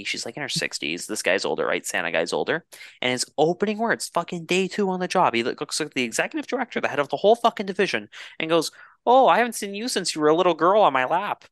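Young man, bright voice, rambling storyteller. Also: mid-range voice, dry recording. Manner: rambling, animated storyteller who swears freely. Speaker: podcast co-host. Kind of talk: casual chat.

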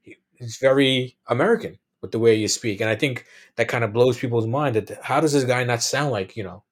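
A man's voice: medium pitch, brisk. A man hosting a podcast interview, asking loose, rambling questions full of fillers.

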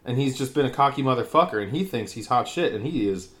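Young male co-host, casual swearing banter, mid-pitched. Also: expressive, fast talker, fairly bright tone, a little hiss or hum. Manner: loose, swearing, joking banter. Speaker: podcast co-host. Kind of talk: casual chat.

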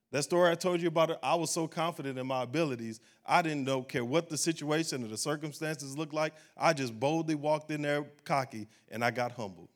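A man, a pastor preaching a sermon at a church service and closing in a rising, fervent prayer. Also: on the high side.

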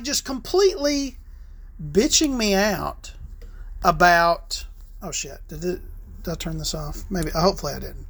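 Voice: medium pitch, expressive, unhurried, creaky, a bit bright, husky, no echo. A podcast host in a casual solo chat who rambles, swears freely and tells stories with tongue-in-cheek asides.

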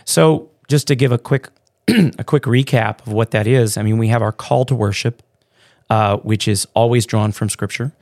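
Casual pastor cohosting a podcast. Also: male voice, medium pitch, normal speed, no room sound, studio quality. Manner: relaxed, joking, with frequent fillers and restarts. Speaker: pastor, co-host.

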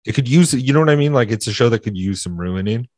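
A man's voice: mid-range voice, expressive, fast, a little mellow, dry recording. A man hosting a podcast in casual chat, laid-back, repeating himself and swearing casually. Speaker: podcast host.

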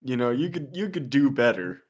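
A man's voice: medium pitch, big pitch swings, moderate pace. A young man co-hosting a podcast, teasing his friend and laughing often in casual chat. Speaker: podcast co-host.

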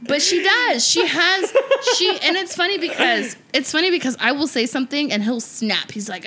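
A young woman with a bright, forceful, fairly high voice talks casually as a co-host. She is blunt and emphatic and swears freely. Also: sing-song, normal speed, few pauses. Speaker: podcast co-host. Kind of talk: casual chat.

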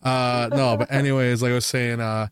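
A young man telling rambling, jokey stories on a casual podcast, laughing often and putting on loud silly voices. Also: medium pitch, flat delivery, normal speed, clear, resonant tone. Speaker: podcast host. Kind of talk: casual podcast chat, storytelling.

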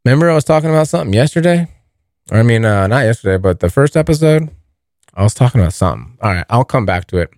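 Man, young adult, podcast host, rambling casual storytelling, heavy swearing, animated pitch, dry close sound. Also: fast talker, dry recording. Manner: rambling, heavy swearing, addresses listeners as dude.

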